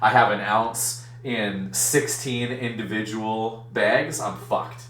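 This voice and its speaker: A man's voice: fairly low pitch, slow pace, recorded from a distance, slight background noise. Man telling a story in an echoey room. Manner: animated, acts out other voices in his story. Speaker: streamer and card-break host. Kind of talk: casual storytelling on a live stream.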